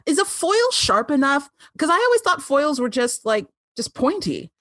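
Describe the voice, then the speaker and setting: Casual, giggly woman podcast co-host, animated delivery, dry mic. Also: high-pitched, no echo. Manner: giggly, acts out characters' lines in quick bursts. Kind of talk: casual chat recapping a TV episode.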